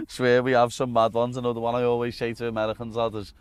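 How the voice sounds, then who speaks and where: A man's voice: mid-range voice, quick pace, clean tone. A young man with a Liverpool accent hosting a casual chat, bantering in slang and calling his guest lad. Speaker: host.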